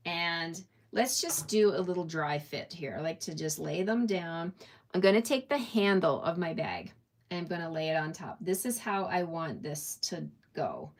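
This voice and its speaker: A woman's voice: lowish voice, expressive, moderate pace. A woman teaching a live online papercraft class, chatting through each step and checking in with her viewers. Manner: chatty, encouraging, laughs at her own slips; checks in often with "okay?". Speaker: papercraft instructor.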